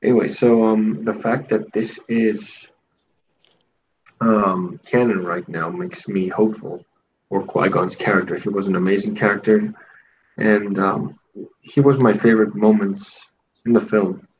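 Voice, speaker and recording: A man's voice: lowish voice, steady tone, a little slow. A man hosting a podcast, talking earnestly and thoughtfully in a casual chat. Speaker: podcast host. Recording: dull lo-fi mic with faint noise.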